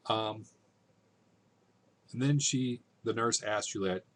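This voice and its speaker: A man's voice: fairly low pitch, fairly even intonation, a little slow, pauses often, fairly bright tone. A man teaching a literature lesson in a casual, conversational way, often checking in with his listeners.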